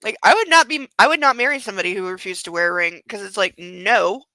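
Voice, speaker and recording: A woman's voice: mid-range voice, fast talker, sharp tone, no echo, rough recording. A woman hosting a book club, reading a novel aloud and breaking off for sarcastic, swearing comic asides. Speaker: book club podcast host.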